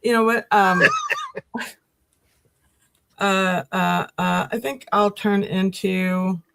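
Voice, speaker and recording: A woman's voice: mid-range voice, steady tone, slow, vocal fry, heavy background noise. A woman on a podcast panel, flustered and giggling while getting ready for an improv challenge. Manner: flustered, giggly, nervous fillers. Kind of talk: casual podcast chat, improv.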